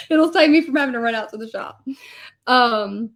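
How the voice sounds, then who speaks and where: A woman's voice: fairly high pitch, measured pace. Chatty woman lettering a sign. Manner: chatty, rambling, talks to viewers as she works. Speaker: hand-lettering artist and channel host. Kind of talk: casual livestream chat while painting. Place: home craft studio.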